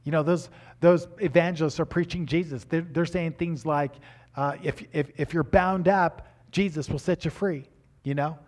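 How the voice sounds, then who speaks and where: An older man preaching and telling a story in a sermon, animated, with frequent repeated restarts. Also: a little high, normal speed. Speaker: pastor.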